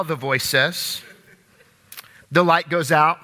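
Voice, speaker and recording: A male pastor preaching in a jokey, conversational, animated manner to a live congregation in a large church, through a stage microphone. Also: a little high, normal speed. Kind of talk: sermon. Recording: reverberant live church hall.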